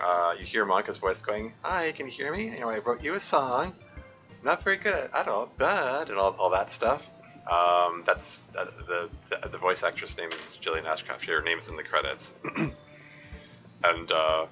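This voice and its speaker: A man with a low but sharply bright voice talks through a live game stream. He rambles and stumbles over his own restarts while he answers chat. Faint music runs underneath him. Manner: rambling, halting, full of restarts.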